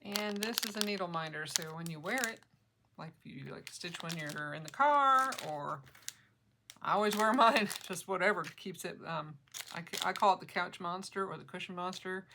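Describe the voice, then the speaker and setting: A woman's voice: lowish voice, normal speed, noisy background. A middle-aged woman vlogging casually about her cross-stitch projects, chatty and joking, laughing often. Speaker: flosstube vlogger.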